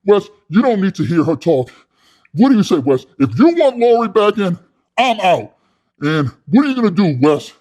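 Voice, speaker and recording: A man's voice: high-pitched, very animated, normal speed, a little mellow, pitched above the performer's own voice. Man doing a bossy needling investor. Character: sharp-tongued bossy male investor.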